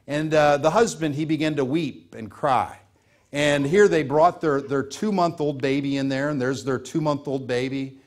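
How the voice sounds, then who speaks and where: An American man preaching a sermon as pastor, earnest and repeating key phrases for emphasis. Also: a little high.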